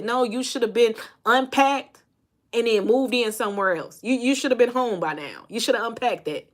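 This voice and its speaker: A fairly high-voiced woman from Indiana talks to her viewers in a casual, motivational vlog. She is emphatic, leans on repeated phrases and says y'all, speaking as a life coach. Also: animated, moderate pace. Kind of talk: casual motivational talk to camera.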